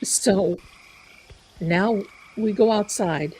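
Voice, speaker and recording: A woman hosting a live stream, telling a story in an animated, chatty way. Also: medium pitch, very slow, slight background noise, rough recording. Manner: animated, chatty, loud bursts of laughter. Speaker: psychic live-stream host.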